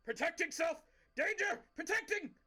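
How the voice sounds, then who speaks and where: A man's voice: very high voice, expressive, moderate pace, bright, forceful tone, voice pushed up, heavily acted. A man voicing a small, sneaky male skull creature who speaks in clipped, broken phrases, either whispering them or shrieking them. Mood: panicked shriek.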